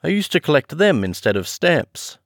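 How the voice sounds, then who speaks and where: A man's voice: on the high side, big pitch swings, normal speed, dry recording, clean studio sound, pitched above the performer's own voice. A man voicing a boastful, scornful rich teenage schoolboy in a storybook reading. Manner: scornful, confiding.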